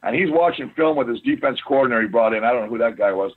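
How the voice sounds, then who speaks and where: A man, a former football player, telling rambling, animated stories as an interview guest, with many restarts. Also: mid-range voice, rapid-fire. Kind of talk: casual storytelling interview. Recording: tinny phone line.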